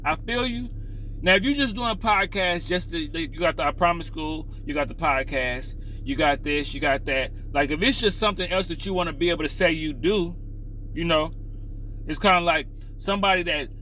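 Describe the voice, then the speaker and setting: A man speaking rants straight to camera in a casual reaction vlog. His voice is bright and sits a little high. He talks in streetwise slang, full of asides like "you know what I'm saying.". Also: normal speed, a little hiss or hum, rough recording. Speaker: reaction vlogger. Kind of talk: casual opinion rant to camera.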